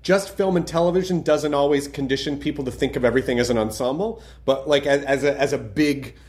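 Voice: mid-range voice, quick pace, darkish tone. An interviewer chatting casually and enthusiastically, praising the guest. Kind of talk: interview chat.

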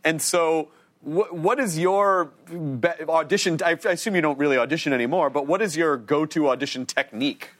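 A man hosting a TV talk show, asking questions in a quick, casual, joking way. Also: fairly high pitch, fairly bright tone.

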